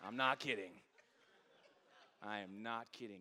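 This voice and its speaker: A man's voice: medium pitch, lively intonation, moderate pace, pushed and bright, a little hiss or hum. A middle-aged man pastor, delivering a sermon that moves from funny storytelling to fervent preaching.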